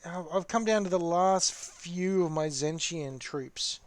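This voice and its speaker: A man's voice: high-pitched, a little slow, no echo. A man hosting a casual live-stream chat while painting models, rambling and talking to his viewers. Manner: rambling, chatty, talks to the chat.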